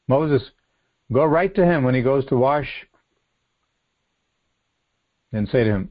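A man preaching a sermon, reading scripture aloud and explaining it earnestly, slowing down and repeating phrases for emphasis. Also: medium pitch, expressive, muffled recording. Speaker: pastor. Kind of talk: sermon, expository Bible teaching.

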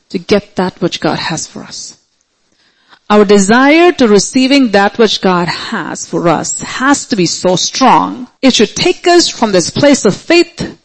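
A man preaching a sermon, emphatic, repeating key phrases and slowing down to stretch words for stress. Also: high voice, rough recording.

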